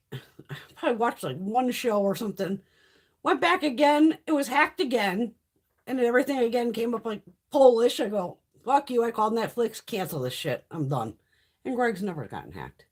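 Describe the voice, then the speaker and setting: A woman's voice: a little high, very animated, normal speed, a little mellow, slightly rough. A woman hosting a beauty livestream from home, chatting casually in a blunt, profane way while sick. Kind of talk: casual live-stream chat.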